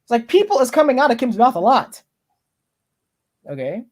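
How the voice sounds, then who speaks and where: A man's voice: very high-pitched, big pitch swings, moderate pace, a little mellow. A man hosting a podcast in casual chat, blunt and teasing, swearing freely. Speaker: podcast host. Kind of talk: casual conversation.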